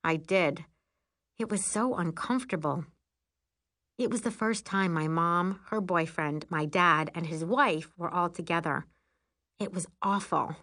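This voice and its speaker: A woman narrating a first-person children's story aloud, with an expressive sing-song lilt. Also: fairly low pitch, a little slow. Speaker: audiobook narrator.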